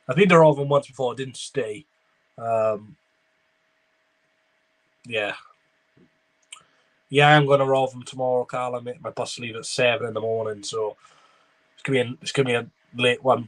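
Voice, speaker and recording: A young man talks over a live football match. He chats casually, calls the play as it happens and answers messages from his viewers in between. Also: medium pitch. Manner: chatty running commentary, reading out viewer messages. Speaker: football watchalong streamer. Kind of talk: live match reaction with chat replies.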